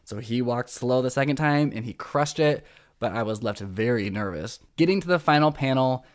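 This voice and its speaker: An excitable young man hosts a casual podcast recap of reality TV. He talks fast and throws himself into the drama. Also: mid-range voice. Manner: excitable, dramatic, acts out quotes. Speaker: podcast host.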